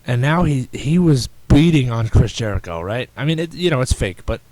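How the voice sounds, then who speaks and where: Rambling, excitable podcast guy. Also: medium pitch, moderate pace, dry recording, poor audio. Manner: rambling, excitable, many restarts. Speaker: podcast host. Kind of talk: casual chat.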